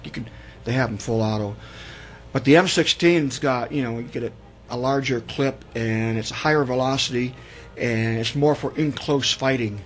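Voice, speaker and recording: A man's voice: medium pitch, poor audio. Rambling older man telling war stories. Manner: rambling, repeats words while recounting. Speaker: guest, Vietnam veteran author. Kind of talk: radio interview storytelling. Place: radio studio.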